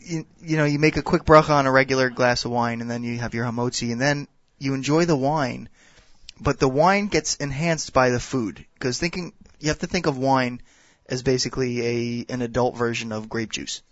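A man appearing as a guest expert, explaining wine and whiskey in a casual, halting way. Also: mid-range voice, fairly even intonation, no echo. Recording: dull, dry sound.

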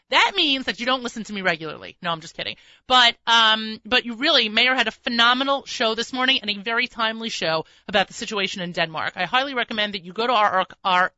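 A woman's voice: a little high, bright, forceful tone, dry recording, highs cut off. A woman hosting a radio show in casual chat from the studio, talking freely, tripping over her words and joking at herself. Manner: chatty, trips over words, self-mocking. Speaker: radio host.

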